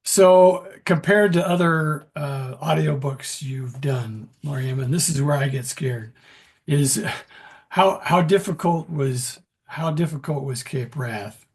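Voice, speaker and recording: A man, an author hosting a casual interview, asking rambling, drawn-out questions. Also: a little high, slightly rough. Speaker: author and host.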